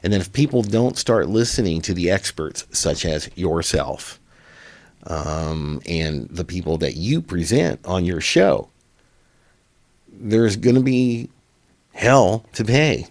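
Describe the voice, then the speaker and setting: Guy on a live stream talking earnest and halting, low voice, dry sound. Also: lively intonation, darkish tone, dry recording. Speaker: show host. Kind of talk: emotional address to camera.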